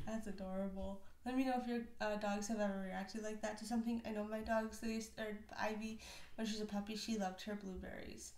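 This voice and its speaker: A woman's voice: medium pitch, flat delivery, fairly quick, a little mellow. A young woman hosting a casual reaction video, chatty and giggly, voicing what the pets might think. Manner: giggly, chatty, voices pets' thoughts. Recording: echoey room with faint noise.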